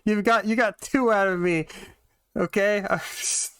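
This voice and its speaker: A woman's voice: mid-range voice, fairly even intonation, a little slow, smooth. Giggly woman streamer, casual chat. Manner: chatty, giggly, self-conscious. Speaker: vtuber streamer. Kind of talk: casual let's-play commentary. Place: home room.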